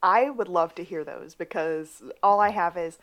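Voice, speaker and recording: A woman co-hosting a casual podcast recap of a TV episode, moving between high excited bursts and low asides. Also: normal speed. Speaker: podcast co-host.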